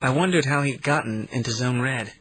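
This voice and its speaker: A man narrating an audiobook in the first person, in a steady reading manner. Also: medium pitch, a little fast, slightly rough, poor audio. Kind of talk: scripted narration.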